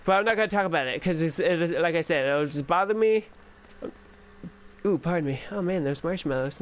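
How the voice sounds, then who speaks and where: Man, gaming host, casual let's-play talk, excitable, slightly high voice, light background hiss. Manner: excitable and chatty, talks back to the game.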